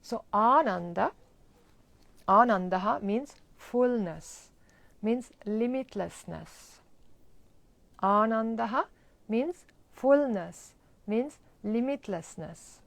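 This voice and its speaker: A woman teaching a live online Sanskrit chanting lesson, explaining pronunciation and then chanting words slowly. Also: fairly high pitch, animated, gravelly, dry recording.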